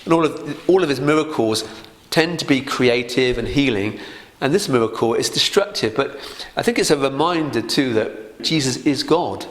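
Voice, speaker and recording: A man talks through a Bible passage in a relaxed, conversational teaching voice. He chuckles often and asks his listeners rhetorical questions as he goes. His pitch sits in an ordinary middle range. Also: moderate pace.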